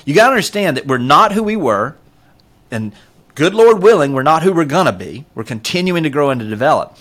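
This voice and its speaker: A man's voice: a little high, fairly quick. A man with a Southern US accent, talking earnestly and with feeling as a podcast guest, full of fillers and pep-talk lines. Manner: earnest, animated storyteller with many fillers. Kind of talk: casual interview chat.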